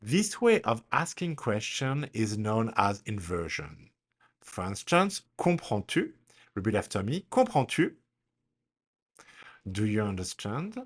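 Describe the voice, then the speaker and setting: A man teaching a recorded grammar lesson, speaking deliberately and modeling example questions with a strong rising intonation for learners to repeat. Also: fairly low pitch, big pitch swings, slightly rough. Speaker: language teacher.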